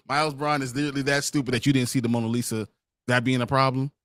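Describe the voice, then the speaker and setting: A man co-hosting a casual live movie review show, talking in an exasperated, animated way. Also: mid-range voice, fast, no room sound, studio quality. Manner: animated, exasperated, swears and laughs often. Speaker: podcast co-host.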